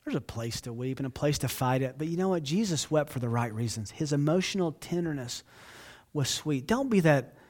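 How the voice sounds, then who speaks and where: A man preaching an earnest, conversational sermon as pastor. He speaks to the listeners directly and swings from hushed, soft passages to loud outbursts. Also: mid-range voice, animated, brisk, hardly any pauses.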